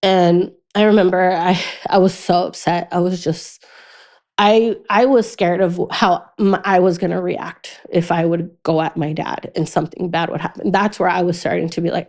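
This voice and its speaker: A young adult woman as a podcast guest, telling a painful personal story candidly, halting and restarting often and going quiet in the hardest moments. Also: lowish voice, fairly even intonation.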